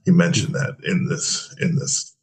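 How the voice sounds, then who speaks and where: A man's voice: a little slow, low-quality recording. A man in a study group talks hesitantly, thinking aloud about a passage he read. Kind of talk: reflective group discussion.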